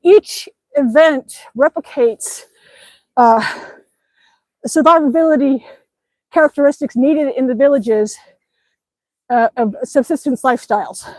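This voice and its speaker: Her voice sits high with a darkish tone, and she speaks at a measured pace with long pauses, in a dry, low-quality recording. The woman vlogger is live-streaming outside in the snow, laughing often as she reads viewer comments aloud, slightly out of breath from her workout.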